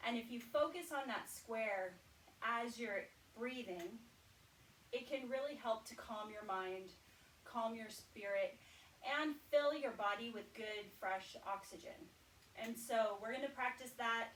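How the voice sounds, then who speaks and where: A woman instructor leads a breathing exercise in a slow, encouraging way, counting each breath aloud. Her voice sits a little high and comes from some distance away. The room rings with echo, and a faint hiss lies under it. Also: a bit bright. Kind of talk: guided breathing exercise class. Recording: roomy sound, voice from a distance, faint background noise.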